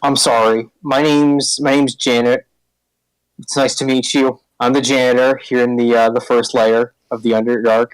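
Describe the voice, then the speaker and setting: A man's voice: mid-range voice, level tone, normal speed, smooth, dry recording, lightly acted, low-quality recording. A man voicing a fussy, squeamish female gelatinous cube who works as a janitor, chatty and rambling.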